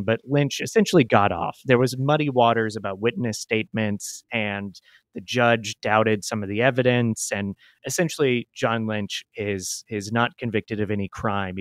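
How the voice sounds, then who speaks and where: With a fairly low voice and a Midwestern American accent, this man hosts a podcast and recounts a true story, chatty and self-deprecating. The casual storytelling chat has a dry, studio-quality recording.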